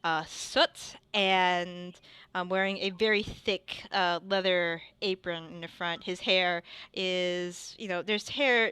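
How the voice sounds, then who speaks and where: A woman's voice: lowish voice, bright, forceful tone, clean tone, no room sound. Rambling woman game master. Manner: rambling, many fillers and restarts. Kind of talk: narrating a tabletop game.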